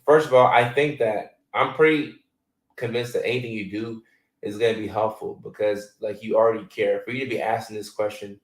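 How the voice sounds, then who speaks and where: A man's voice: on the low side, steady tone, brisk, echoey room, recorded from a distance, low-quality recording. A man in his thirties, born in Ghana, hosting a casual live chat and answering viewer questions in a loose, filler-heavy way. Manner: loose and conversational, many fillers.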